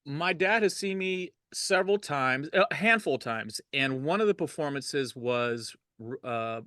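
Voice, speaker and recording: A man's voice: on the high side, expressive, unhurried, a bit bright, no room sound, studio quality. A middle-aged man, a DJ, telling stories in a casual interview, laid-back and laughing often, livening up when he quotes people. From Los Angeles. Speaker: DJ, interview guest.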